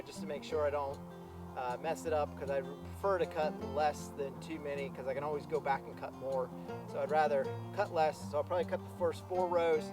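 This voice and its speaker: A man explaining farm fencing in a casual how-to vlog, rambling with lots of ums and uhs, outdoors on a farm. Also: a little high. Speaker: farmer vlogger. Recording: music playing underneath. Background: music.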